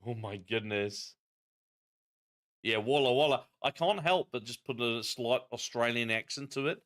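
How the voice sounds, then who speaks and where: A man streaming a geography game, chatting in an animated, self-deprecating way. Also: mid-range voice, measured pace. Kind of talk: live-stream game commentary.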